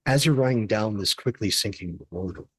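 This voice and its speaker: A man running a tabletop horror game as game master, narrating in a slow, measured, grim way. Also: on the low side, a bit bright, no echo.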